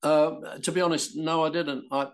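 An older English man, an actor guest, telling animated stories about his career and acting out quoted voices with frequent laughs. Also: fairly high pitch, moderate pace. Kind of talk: anecdotal interview.

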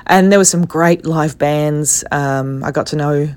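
A woman's voice: deep voice, measured pace. A young Australian woman telling travel stories in a chatty, casual way. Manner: chatty, animated when quoting others, soft when serious. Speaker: travel vlogger. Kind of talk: casual storytelling.

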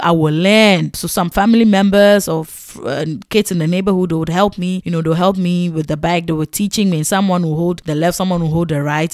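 A woman from Ghana with a Ghanaian English accent, telling animated, exclamatory stories to the camera and acting out her own past reactions. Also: fairly low pitch, no echo, studio quality. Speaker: vlogger. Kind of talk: casual storytelling to camera.

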